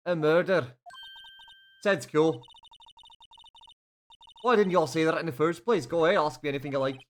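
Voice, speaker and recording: A man putting on a loud, drawling Southern gal. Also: fairly high pitch, moderate pace, slight background noise, close to an everyday voice. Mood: boisterous. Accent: put-on American Southern. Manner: boisterous, drawling. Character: loud folksy young woman photographer. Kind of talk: voicing game dialogue on a livestream.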